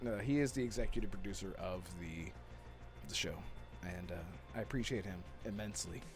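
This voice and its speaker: A man's voice: low-pitched, normal speed, over music. A man hosting a casual live gaming podcast, laughing often and tripping over his words. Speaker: podcast host. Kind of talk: casual live-stream chat.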